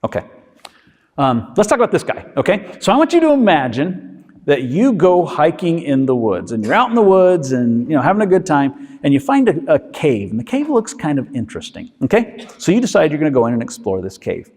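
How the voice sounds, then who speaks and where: A man's voice: a little high, big pitch swings, a little mellow, long reverb tail. A man, a physician, giving a conversational lecture and checking in with his listeners with a frequent "okay?". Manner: acts out inner voices in quick asides.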